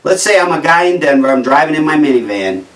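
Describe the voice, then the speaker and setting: A man's voice: fairly high pitch, lively intonation, quick pace, a bit bright, roomy sound, far from the mic, a little hiss or hum, poor audio. A man with a New Jersey accent doing a wry, incredulous stand-up routine and laughing at his own jokes. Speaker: stand-up comedian.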